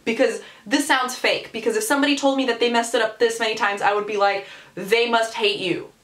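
A young woman vlogger telling a story, animated and exasperated, with lots of "like.". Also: fairly high pitch, fast. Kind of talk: storytime vlog. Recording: echoey room.

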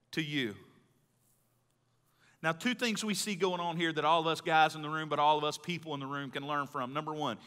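A middle-aged man from Mississippi, preaching a live sermon in a folksy storytelling way that swings between loud and hushed. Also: on the high side, clean tone. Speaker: pastor. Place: large church hall. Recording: live hall with long reverb.

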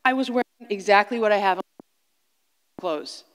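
A woman's voice: mid-range voice, normal speed, smooth. A woman speaker telling a dramatic story and preaching on stage, with emphatic exclamations, heard through a stage sound system in a large hall. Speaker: conference speaker. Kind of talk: sermon-like storytelling talk. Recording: long reverb of a large hall.

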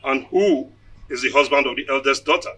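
An actor playing a solemn, commanding shrine priest. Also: male voice, mid-range voice, brisk, fairly bright tone, slightly rough, far from the mic, rough recording.

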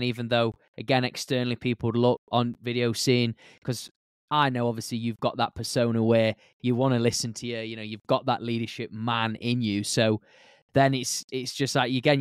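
A man's voice: medium pitch, clear, resonant tone, no echo. Male podcast host, clean resonant voice, dry mic; chatty, encouraging interviewer. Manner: encouraging, rambling questions. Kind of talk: casual interview chat.

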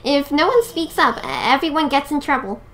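A woman's voice: sits high, animated, normal speed, fairly bright tone, voice pushed up, rough recording. A woman voicing a nervous lizard teacher in a game, stammering and hesitant.

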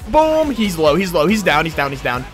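A man commentating his own gameplay while sick and losing his voice, excitable and hoarse, repeating short calls as he plays. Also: a little high, faint music behind. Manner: excitable, quick reactions, repeats short phrases. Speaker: gaming YouTuber.

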